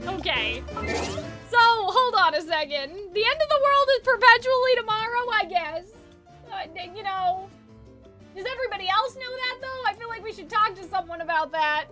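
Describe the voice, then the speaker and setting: A woman streamer giving casual, sardonic gameplay commentary, swearing and dropping to quiet mutters. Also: very high-pitched, lively intonation, moderate pace, faint music behind.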